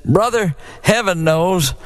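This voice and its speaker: This is an old country preacher in a cowboy hat, whose voice lifts well above the narrator's own when he shouts his thanks. A man voices him within a recited poem. He sounds fervent and preacherly. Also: high voice, lively intonation, slow, no room sound, pitched above the performer's own voice. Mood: wry.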